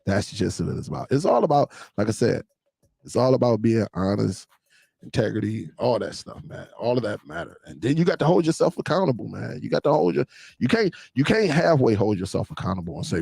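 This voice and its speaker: A man's voice: medium pitch, very animated, brisk, gravelly, darkish tone, slightly rough, no room sound. A man hosting a casual live-stream show, talking loosely to his viewers and laughing often.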